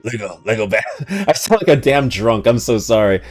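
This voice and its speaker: A man's voice: mid-range voice, sing-song, normal speed, faint music behind. A man streaming a game, chatting casually and joking, rambling with many fillers. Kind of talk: casual live-stream chat.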